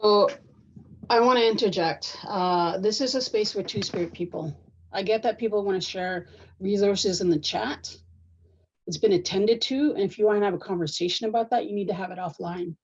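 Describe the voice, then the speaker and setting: A woman's voice: medium pitch, normal speed, husky, dull audio. A woman moderating a live online panel, speaking firmly and directly. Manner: firm, direct, assertive.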